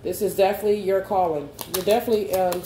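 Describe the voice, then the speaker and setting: This tarot reader talks very fast to camera in a mid-range voice with fairly even intonation. Coaxing and reassuring, she keeps asking "okay?", while the room echoes and a faint hum runs underneath.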